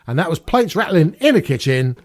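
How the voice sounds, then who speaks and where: A YouTube channel host, an Englishman in his fifties, runs a casual Q&A vlog from a small home studio. His voice sits on the high side and he talks briskly and with lots of animation, rambling along and poking fun at himself.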